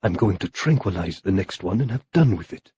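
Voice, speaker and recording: A man voicing a cruel male villain priest who mutters quietly and gloats, in an audiobook reading. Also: low voice, animated, brisk, slightly rough, dull audio, voice pushed down, full character voice. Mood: muttering.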